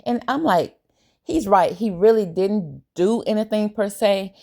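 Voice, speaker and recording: A woman giving a casual, opinionated recap of a reality TV episode, animated and colloquial. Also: medium pitch, unhurried, vocal fry. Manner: animated, opinionated, briefly acts out quoted lines; relaxed colloquial grammar.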